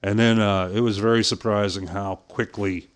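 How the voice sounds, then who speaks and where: Middle-aged man, softened Pittsburgh accent, lowish smooth voice, chatty game streamer who leans on "uh" fillers. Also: steady tone, moderate pace. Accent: softened Pittsburgh American. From southwest Pennsylvania, USA. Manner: chatty, frequent "uh" fillers, easy laughs. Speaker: streamer playing a hunting game. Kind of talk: casual live-stream commentary.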